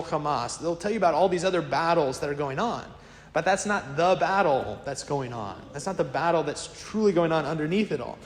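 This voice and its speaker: A man preaching a sermon as a priest, telling stories in a lively, conversational way. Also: fairly high pitch. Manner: lively storytelling, acts out quoted voices; casual, conversational preaching to a congregation. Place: church. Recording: echoey church with long reverb.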